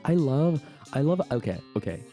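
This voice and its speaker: A man as a guest in a casual chat, telling stories animatedly, laughing and swearing often. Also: on the high side. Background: background music.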